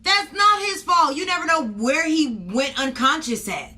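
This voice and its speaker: A woman's voice: sits high, sing-song, normal speed, pushed and bright, a little hiss or hum. A woman co-hosting a casual podcast, telling news stories in a blunt, profane, jokey way. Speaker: podcast co-host. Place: indoor podcast set.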